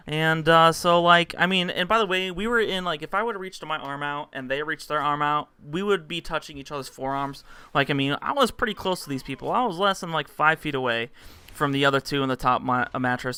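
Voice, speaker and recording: Chatty young man, bright crisp voice. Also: fairly high pitch, no room sound. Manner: rambling, animated, heavy on fillers and acted-out quotes. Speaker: vlogger. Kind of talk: casual storytelling to camera.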